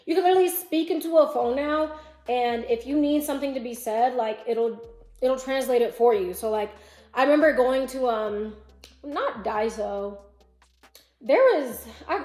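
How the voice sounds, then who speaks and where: A woman vlogger reading online posts aloud and commenting in a chatty, opinionated way, thinking aloud as she goes. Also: on the high side. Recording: roomy echo, faint music.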